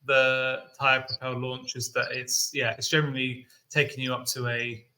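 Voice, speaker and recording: A man's voice: medium pitch, little pitch movement, normal speed, sharp tone. A man from the UK co-hosting an enthusiast show, chatting casually and thinking aloud with fillers. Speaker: co-host. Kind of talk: casual chat.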